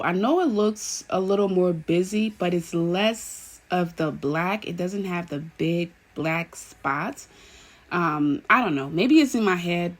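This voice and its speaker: A woman chatting casually through a home decor vlog, gushing now and then with excited cheers. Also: lowish voice. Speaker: home vlogger.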